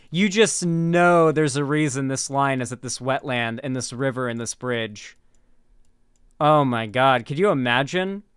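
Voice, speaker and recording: A man's voice: medium pitch, a bit bright, clear, resonant tone, no room sound, clean studio sound. Rambling male livestream commentator. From Florida, US. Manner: rambling, full of "like" and restarts, talks to chat.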